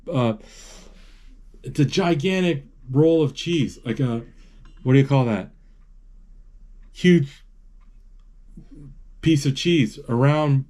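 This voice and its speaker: Slow, halting man retelling a movie. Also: mid-range voice. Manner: halting, searching for words, excited exclamations. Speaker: movie narrator. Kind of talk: casual live retelling of a film.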